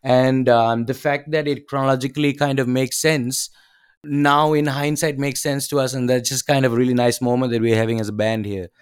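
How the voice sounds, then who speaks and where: A man's voice: mid-range voice, level tone, clear, resonant tone. A man, a band's vocalist, talking casually in a guest interview. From Sri Lanka. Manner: rambling, fast, with restarts. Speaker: band vocalist.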